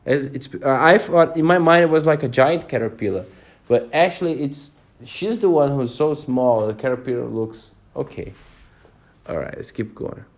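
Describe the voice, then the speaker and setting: A man reading a storybook aloud to children, pausing to explain words to them. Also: mid-range voice, expressive.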